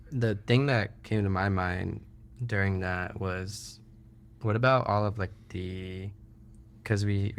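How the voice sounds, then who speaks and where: Slow deep-voiced podcast host. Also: male voice, clean tone. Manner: slow, halting questions with fillers. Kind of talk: casual interview questions.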